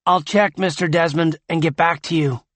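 A man's voice: a little high, fairly even intonation, normal speed, a bit bright, dry recording, voice pushed up, lightly acted. A man voicing an evasive, businesslike insurance agent in a suit.

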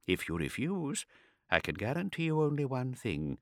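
A man voicing a nervous, courtly old male astropath who speaks slowly and softly in a measured way. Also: mid-range voice, big pitch swings, no echo, studio quality, voice pushed up. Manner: slow, soft and measured, courtly.

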